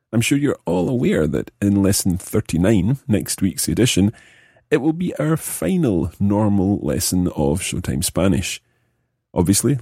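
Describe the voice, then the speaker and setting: A man hosting a podcast language lesson, explaining slowly and repeating example phrases. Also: fairly low pitch, dark tone, breathy edge, no echo, clean studio sound. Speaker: language teacher host.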